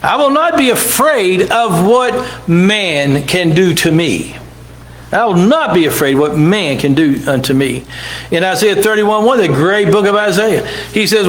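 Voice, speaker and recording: A man's voice: high-pitched, expressive, unhurried, poor audio. A man preaching a sermon in church, dramatically acting out the people in the scripture stories. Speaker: pastor.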